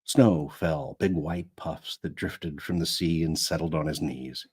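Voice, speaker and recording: A man's voice: rumbling low, a little slow, a little mellow, slightly rough. A man narrating an audiobook live, going back over lines when he stumbles. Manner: rereads lines after stumbles. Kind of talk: reading an audiobook aloud.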